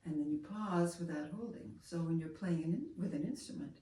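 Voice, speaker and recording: A woman teaching a hands-on movement lesson, talking in a gentle, soft-spoken, unhurried way. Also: deep voice. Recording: roomy, from far off, faint room noise.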